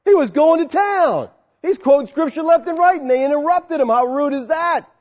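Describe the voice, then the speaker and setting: A man preaching a sermon as pastor, animated and dramatic, acting out voices of a crowd. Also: very high voice, moderate pace. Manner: soft, quiet prayer. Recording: long hall reverb, dull sound.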